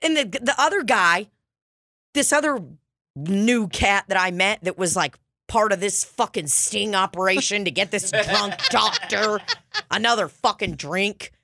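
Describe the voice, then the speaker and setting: A woman's voice: medium pitch, unhurried, pushed and bright, dry recording. A woman co-hosting a podcast, telling a bar story as a profane, ranting casual chat. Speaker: podcast co-host.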